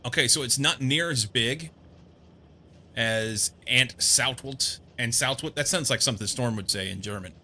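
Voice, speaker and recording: A man's voice: medium pitch, normal speed, bright, forceful tone, slight background noise. A man casually commenting on his game as he plays, rambling and amused, thinking aloud. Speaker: gameplay streamer.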